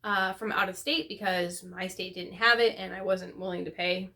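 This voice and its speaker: A woman's voice: lowish voice, steady tone, normal speed, pushed and bright. A woman hosting a knitting podcast, chatting casually and rambling with many fillers and self-corrections. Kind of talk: casual chat to camera.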